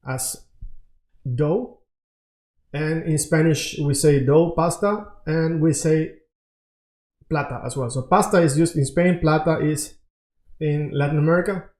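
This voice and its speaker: Man, teacher, patient explaining, frequent check-ins, slightly high pitch, echoey room. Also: darkish tone. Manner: explains slowly, checks in with "right?" and "okay?". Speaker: Spanish teacher. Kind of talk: online language lesson.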